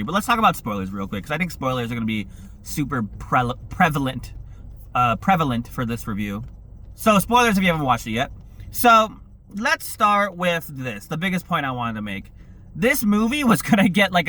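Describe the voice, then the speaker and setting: High, lively man ranting about a movie. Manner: profane, animated, exasperated. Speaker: movie reviewer. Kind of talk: casual ranting review.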